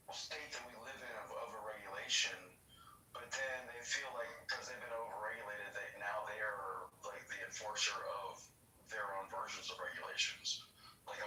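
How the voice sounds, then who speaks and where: A man's voice: lowish voice, steady tone, moderate pace, pushed and bright, distant mic. A man in casual podcast chat, laid-back and profane. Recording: roomy audio from away from the mic with faint noise.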